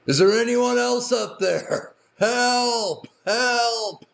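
A man yelling as a panicked dangling climber. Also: very high-pitched, extremely slow, vocal fry, voice pushed up, full character voice. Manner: frantic yelling for help. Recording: muffled lo-fi recording.

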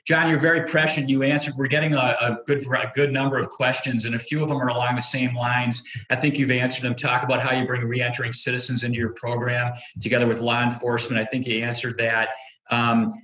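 Male host, mid pitch, halting and searching, roomy muffled call sound. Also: bright, forceful tone. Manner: halting, searching questions with many fillers. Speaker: host and moderator. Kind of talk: moderating an online panel.

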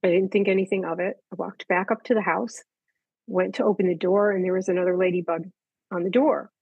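Older woman, husky voice, dry close sound, animated storyteller, casual chat. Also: medium pitch, fairly quick, no room sound, dull audio. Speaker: animal communicator guest.

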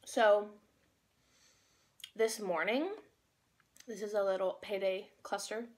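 A woman's voice: medium pitch, fairly even intonation, slow. A young woman vlogging into her phone, chatting in a bubbly, rambling way and talking with her mouth full while she eats. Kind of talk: casual chat while eating.

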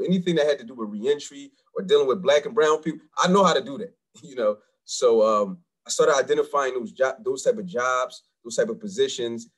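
A man on a career panel, telling his story with lively, acted-out dialogue. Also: medium pitch, rough recording. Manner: animated, acts out other people's lines.

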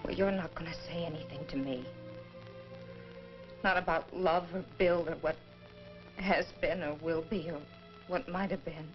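A woman's voice: on the low side, steady tone, moderate pace, pauses often, lightly acted. An actress playing a bitter young woman coldly rejecting a man in a 1950s film, cutting and scornful. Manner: cold, cutting, rising to shouting. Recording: dull old film soundtrack with music.

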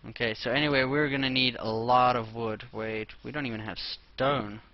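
A young man hosts a let's play, rambling casually and talking to himself as he plays in casual gameplay commentary. His voice is medium-pitched and steady at a moderate pace. The mic sounds dull and lo-fi, with clear noise.

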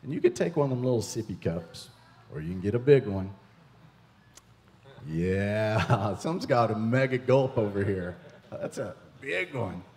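Playful, excitable male minister, lowish voice, long church reverb. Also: a little slow. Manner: playful, excitable, jokes with the congregation. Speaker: guest minister. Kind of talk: prophetic ministry at a church service. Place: church sanctuary.

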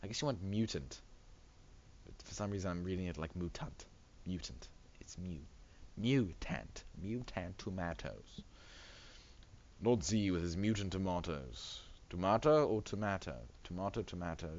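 A man's voice: sits low, brisk, darkish tone, lo-fi sound, a little hiss or hum. A man hosting a game tournament in casual, rambling commentary, laughing often between remarks.

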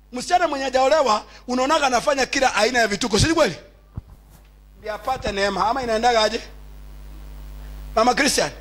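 High, bright Kenyan bishop preaching. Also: male voice, low-quality recording. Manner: call-and-response preaching, repeats lines and quizzes the congregation; swings between shouted, sing-song declarations and quieter asides. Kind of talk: sermon. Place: church.

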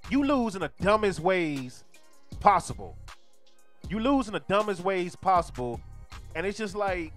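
A hoarse male streamer ranting about a football game and repeating his complaints in exasperation. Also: high-pitched, sing-song, unhurried, pauses often, a bit bright, soft background music. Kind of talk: sports rant.

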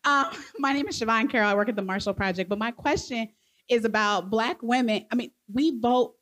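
A woman's voice: fairly high pitch, brisk, a bit bright. A woman in the audience asking a question, emotional and near tears, speaking in a nervous, rambling way.

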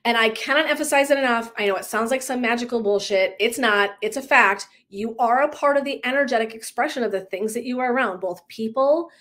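Emphatic woman coach, slightly high voice. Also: a little fast, few pauses. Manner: candid and emphatic, swears casually; animated storyteller who acts out clients' lines. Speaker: wellness and energy coach. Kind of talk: livestream talk to viewers.

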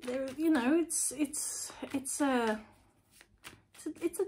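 Chatty, slightly high-pitched woman. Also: slow pace, a little hiss or hum. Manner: chatty, blunt and animated, playfully cranky. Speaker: tarot reader, channel host. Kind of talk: casual tarot reading to camera.

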